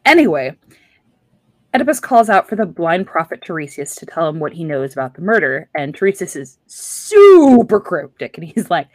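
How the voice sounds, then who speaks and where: A woman's voice: lowish voice, sing-song, moderate pace, a little mellow, no room sound. A woman hosting a podcast, retelling an ancient tragedy in an irreverent, profane, casual way. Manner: irreverent, profane, laughs often. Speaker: podcast host. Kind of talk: casual comic retelling of a myth.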